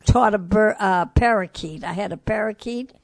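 An older woman from Detroit tells her stories with lively animation, slipping into the voices of the people she quotes. Her voice sits at a middling pitch for a woman. The sound is close and dry, with almost no room around it. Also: normal speed, vocal fry, dry recording. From Detroit, USA. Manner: lively storyteller who acts out quoted voices. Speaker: jazz singer interviewee. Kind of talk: storytelling interview.

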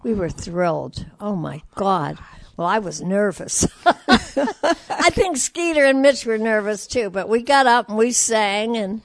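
An older woman from Detroit, a jazz singer telling stories in an interview, animated and acting out the voices of the people she quotes. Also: medium pitch, measured pace, no room sound. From Detroit, USA. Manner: lively storyteller who acts out quoted voices. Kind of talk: storytelling interview.

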